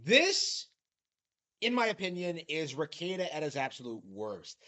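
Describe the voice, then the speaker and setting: Bright, incredulous man commenting. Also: on the high side, sing-song, unhurried. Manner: sarcastic, incredulous. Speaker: YouTube commentator. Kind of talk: commentary video voice-over.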